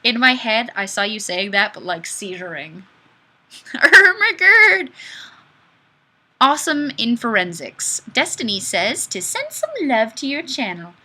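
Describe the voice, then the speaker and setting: Woman webcam host, upbeat and playful, highly expressive delivery. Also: moderate pace, few pauses, slight background noise. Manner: playful, animated, often laughing. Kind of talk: casual live webcam chat.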